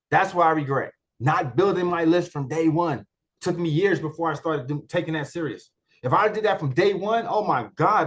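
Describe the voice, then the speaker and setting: A man with a notably high-pitched voice delivers a casual training talk on marketing software. He speaks colloquially, repeats his points and leans on rhetorical questions to keep listeners engaged. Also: moderate pace. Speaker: network marketer presenting a software walkthrough.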